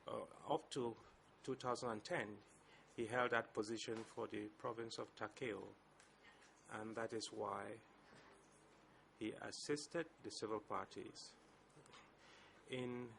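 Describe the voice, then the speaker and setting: A male lawyer, addressing a courtroom slowly and formally with some hesitations. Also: mid-range voice, creaky, fairly bright tone, slight background noise. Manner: deliberate, measured speech with hesitations. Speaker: lead co-lawyer for civil parties.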